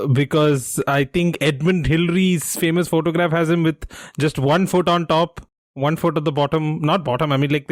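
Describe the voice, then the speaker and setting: A man co-hosting a trivia podcast, chatty and quick to laugh, who thinks out loud with many restarts. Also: fairly high pitch, dry recording, clean studio sound. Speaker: quiz podcast co-host. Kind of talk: casual quiz podcast chat.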